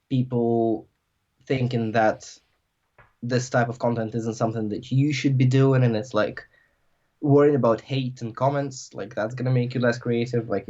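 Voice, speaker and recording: A man's voice: on the low side, a little mellow. A man chatting casually as a podcast guest, rambling and filling his talk with "like". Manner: rambling, filler-heavy, lots of "like". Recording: dull lo-fi audio.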